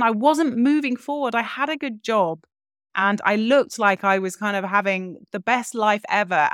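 A woman's voice: mid-range voice, a bit bright, clean tone, dry recording, studio quality. A woman, a podcast guest telling her own story in a frank, reflective way. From London, England. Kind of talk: candid personal storytelling.

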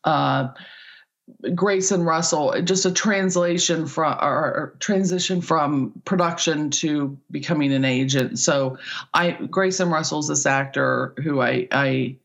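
Woman talent agent, chatty rambling storyteller, gravelly voice, dull lo-fi recording. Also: sits low. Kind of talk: casual podcast interview.

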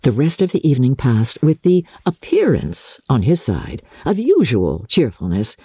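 A woman's voice: very deep voice, normal speed, husky, no room sound, studio quality. A woman giving a dramatic, theatrical reading of a classic novel as narrator. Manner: expressive, theatrical storytelling.

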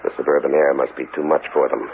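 A sinister host in an old radio mystery, talking with cool, impatient control. The voice sits very low with gravel in it and swings widely in pitch. It comes through a narrow, phone-like broadcast band with some hiss. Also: male voice, quick pace. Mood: cool scheming. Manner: calm, controlled, slightly impatient. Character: sinister scheming male host brewing a formula. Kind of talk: 1970s radio drama acting.

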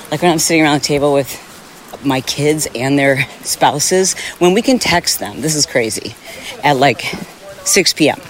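A woman's voice: low voice, a little hiss or hum. A middle-aged woman hosting a solo podcast outdoors, talking in a candid, rambling and emphatic way. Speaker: podcast host. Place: outdoors on a rainy ocean sidewalk.

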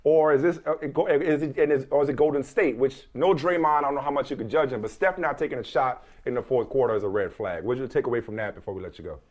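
A man's voice: mid-range voice, fast talker, hardly any pauses, a little mellow. Playful male sports show host. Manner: playful, laughing, stammering.

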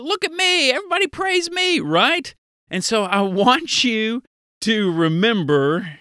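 Upbeat man teaching kids with a bright voice. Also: sits high, smooth, no echo, clean studio sound. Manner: lively, playful, talks straight to kids. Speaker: children's Bible teacher. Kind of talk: kids' Bible lesson.

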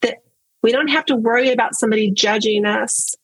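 Earnest husky woman sharing her story. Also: fairly high pitch, a little fast, fairly bright tone, no echo, poor audio. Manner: earnest, open, repeats words for emphasis. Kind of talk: casual personal testimony.

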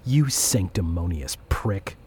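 A proud, prickly male alien prisoner for a radio drama. His husky voice swings widely in pitch. He stays indignant and cutting. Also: lively intonation, takes it slowly, a little mellow, heavily acted. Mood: scornful. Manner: contemptuous and indignant. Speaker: alien prisoner sharing a human's mind. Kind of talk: audio drama acting.

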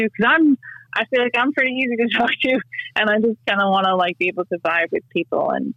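A woman's voice: mid-range voice, fairly even intonation, fast talker, fairly bright tone, no room sound, muffled recording. A woman guesting on a podcast, chatting casually and rambling with lots of fillers and restarts. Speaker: podcast guest, knife maker. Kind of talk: casual chat.

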